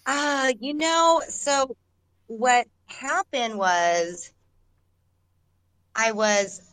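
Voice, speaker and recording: Here a woman, an actress appearing as a guest, shares anecdotes in a loose, meandering interview chat, laughing and restarting her sentences frequently. She speaks very slowly in a somewhat high, slightly bright voice. There's no room sound, but the recording is rough.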